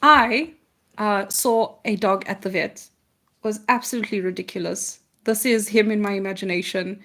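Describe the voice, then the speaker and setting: A woman's voice: medium pitch, moderate pace, a bit bright. Chatty, joking woman painting along. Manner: chatty, self-deprecating, jokey. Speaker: co-host of an art livestream. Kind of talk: casual chat while painting.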